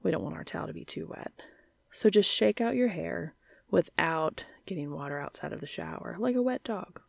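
A gentle, teasing young man in a read-aloud story, speaking softly and close to a hush, as a woman puts him on. His voice sits low with a gravelly edge, and the sound is dry and close. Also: expressive, normal speed, dry recording, heavily acted. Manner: soft, hushed delivery.

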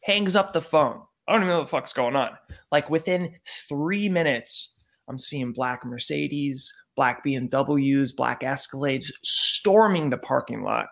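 A man telling a profane, animated personal story in casual chat. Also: medium pitch, measured pace, vocal fry.

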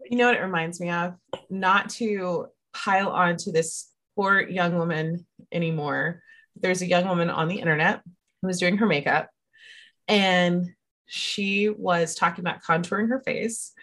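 A woman talking at length in a casual panel discussion, telling stories in an animated way. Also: on the low side, a little slow. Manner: talkative, animated storyteller, laughs often. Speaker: podcast panelist.

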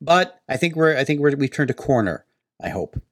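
A man's voice: fairly high pitch, brisk, no echo, studio quality. A man hosting a podcast in casual chat, rambling with hesitant fillers. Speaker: podcast host.

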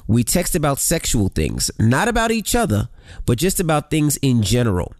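A brash, middle-aged man co-hosting a podcast, mixing casual swearing with sheepish apologies. His pitch swings widely as he talks. The sound is dry and close. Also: huge pitch swings, normal speed, no room sound. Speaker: podcast co-host. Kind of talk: casual chat, reading a listener email.

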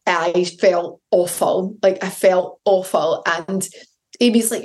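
A woman's voice: on the low side, unhurried, darkish tone. Candid woman telling a story. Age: adult with children. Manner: chatty, candid, acts out quoted voices. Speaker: podcast host. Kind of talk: solo confessional storytelling.

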